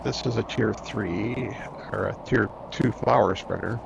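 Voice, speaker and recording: Very gravelly low-voiced man, lo-fi. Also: background noise. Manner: unhurried, thinking aloud while playing. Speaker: gaming channel host. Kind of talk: let's-play commentary. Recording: dull lo-fi recording, faint music.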